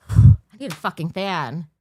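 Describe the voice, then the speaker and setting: An overtired woman hosting a casual livestream rambles and keeps losing her train of thought, then bursts into mock auctioneer patter. Her voice is lowish and dark in tone, with lively intonation and a slow pace.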